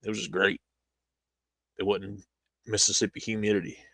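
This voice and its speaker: A man's voice: on the low side, level tone, moderate pace, creaky, sharp tone, no room sound. A young man, rambling through stories in casual chat on a stream. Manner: rambling storytelling with frequent laughter.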